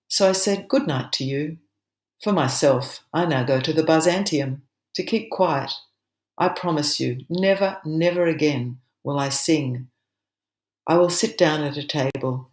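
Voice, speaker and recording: An older woman giving a seminar talk with slides, then reading a poem aloud in a measured, expressive way with deliberate pauses. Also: low-pitched. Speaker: seminar presenter. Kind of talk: illustrated lecture with a dramatic poem reading. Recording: echoey room sound.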